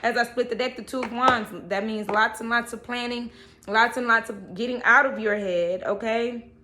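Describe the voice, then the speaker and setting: A woman's voice: on the high side, steady tone, normal speed, very noisy. Chatty woman reading tarot cards. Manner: chatty, repeats okay and all right. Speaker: tarot reader.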